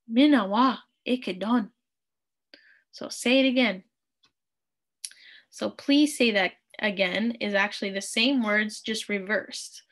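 A woman teaching a beginners' language class online, saying each phrase slowly and repeating it patiently. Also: mid-range voice, a bit bright.

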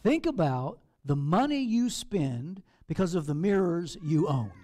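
A man, a pastor, preaching a sermon in an animated, playful way with acted asides. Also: on the high side, measured pace. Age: over 40.

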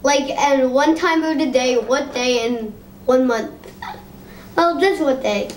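A high-voiced woman chats at home as she decorates a tree, pausing often with ums. The room sounds echoey, with a faint hiss behind her. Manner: chatty, hesitant with many ums. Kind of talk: casual home vlog chat. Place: home living room indoors.

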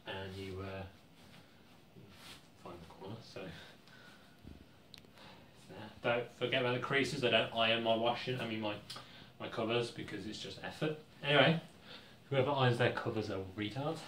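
A man's voice: lowish voice, moderate pace, pauses often, fairly bright tone, reverberant, far from the mic, slight background noise. A young man giving a goofy, jokey how-to demonstration. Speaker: vlogger. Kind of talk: jokey tutorial.

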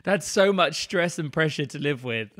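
A man's voice: a little high, expressive, normal speed, fairly bright tone, dry recording, studio quality. Wry, amused male co-host. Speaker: podcast co-host. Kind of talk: casual chat.

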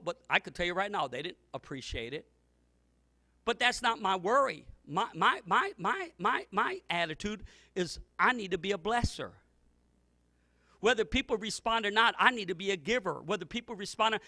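A male pastor delivers a sermon in a high, piercingly bright voice. He drifts through loose asides, then builds to fervent, near-shouted retellings of scripture. The sound is close and dry. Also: no room sound. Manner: loose, rambling asides with repeated words.

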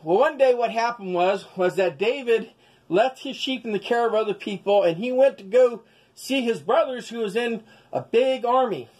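A man's voice: very high-pitched, normal speed, a little mellow. A man telling a Bible story as a children's lesson with stuffed animals, folksy and full of sound effects. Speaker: storyteller teaching children's values.

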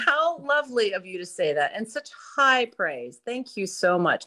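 A woman's voice: mid-range voice, very animated, moderate pace, hardly any pauses, pushed and bright. A woman guest speaker talking earnestly and candidly at a virtual event, with many fillers, over a video call.

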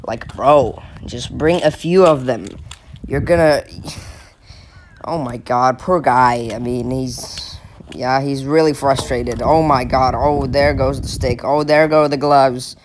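A man's voice: mid-range voice, steady tone, slow, noisy background. A young man from Finland giving mocking, exasperated comic commentary over a video. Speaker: comedy video creator.

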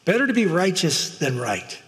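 A man's voice: sits high, big pitch swings, normal speed, a bit bright. A middle-aged man preaching as a pastor in a church, chatty and self-deprecating, often asking his listeners "right?". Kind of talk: sermon. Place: church sanctuary, in front of a congregation. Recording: long hall reverb.

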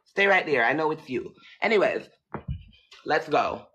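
A fairly high-voiced man livestreaming a spooky ritual and talking straight to his viewers. He sounds jittery and chatty, swearing casually as he goes. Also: animated, measured pace, bright, forceful tone, muffled recording, soft background music.

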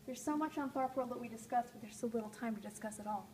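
A woman's voice: a little high, fast. A woman hosting a live call-in art show from a gallery, talking in a playful, rambling way that often trails off. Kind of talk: live stream chat while drawing. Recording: noisy live stream room.

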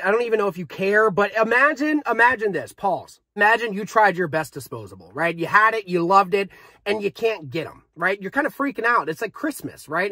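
A man's voice: high-pitched, bright, forceful tone, dry recording. A young man reviewing a vape in a casual, hyped, joking vlog, talking straight to his viewers.

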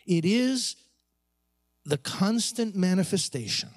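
Animated, high-voiced male preacher. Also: takes it slowly, long pauses, no room sound, clean studio sound. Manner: emphatic and preacherly, with rhetorical questions; repeats key phrases for effect. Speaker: priest addressing a pro-life conference. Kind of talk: preached conference speech.

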